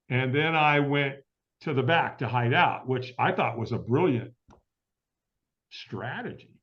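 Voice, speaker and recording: A middle-aged man telling a long story as an interview guest, acting out the voices of the people in it. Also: on the high side. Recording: dull lo-fi audio.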